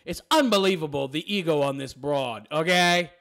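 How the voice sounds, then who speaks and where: A man's voice: on the high side, normal speed, fairly bright tone. A man hosting a reaction commentary, reading and mocking a text in a sarcastic, crude, derisive way. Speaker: commentary channel host.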